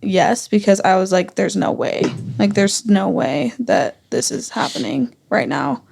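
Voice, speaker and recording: A young woman speaks in a casual family conversation, her mid-pitched voice carrying a gravelly fry. She retells events in a loose, rambling way, full of "like" and restarts. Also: very animated, unhurried, darkish tone. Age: young adult. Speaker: guest.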